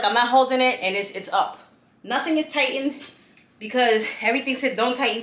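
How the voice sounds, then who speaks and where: Her medium-pitched voice sounds pushed and bright as this vlogger builds furniture at home and chats to the camera, exasperated and talkative. She calls her viewers "y'all," and the recording picks up an echoey room and faint noise.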